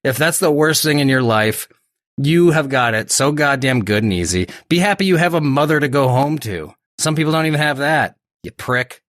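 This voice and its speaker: A man's voice: on the high side, expressive, normal speed, fairly bright tone, no echo, clean studio sound. A man co-hosting a casual podcast, ranting with lots of swearing. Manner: profane, ranting, exasperated. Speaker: podcast co-host. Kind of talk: casual chat.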